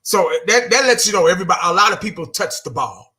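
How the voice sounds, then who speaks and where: A man's voice: sits high, expressive, fast, bright, forceful tone. A man giving a casual, blunt fan rant, exasperated, repeating himself and cursing now and then. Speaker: fan vlogger.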